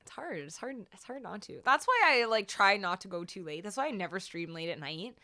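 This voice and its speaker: A woman's voice: mid-range voice, sing-song, brisk, sharp tone. A young woman hosting a singing livestream from a home room with foam sound panels, chatting casually with her viewers. She repeats her phrases and laughs between them. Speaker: livestream singer and host. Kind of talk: casual chat with live chat.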